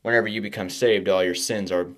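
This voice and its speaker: Deep-voiced guy telling his faith story on his podcast, choked up, keeps restarting. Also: fairly even intonation, a bit bright. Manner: halting, emotional, many restarts. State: emotional, close to tears. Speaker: podcast host. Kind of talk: personal testimony.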